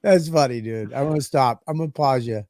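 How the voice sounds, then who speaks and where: A man's voice: mid-range voice, fairly quick, darkish tone. A man co-hosting a comedy podcast, bantering crudely and laughing often. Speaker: podcast co-host. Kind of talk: casual comedy chat.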